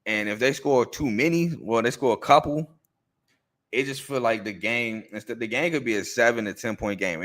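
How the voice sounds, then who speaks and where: A man hosting a sports show, talking through game previews and picks in a loose, conversational way with fillers and quick self-corrections. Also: lowish voice, fairly bright tone. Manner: confident, emphatic picks. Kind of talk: casual game-preview commentary.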